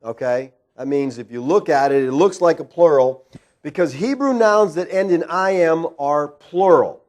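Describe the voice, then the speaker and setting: A man's voice: a little high, lively intonation, measured pace, darkish tone. A man preaching an expository sermon in a church, conversational and full of rhetorical questions, often checking in with "all right?". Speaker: pastor. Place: church sanctuary.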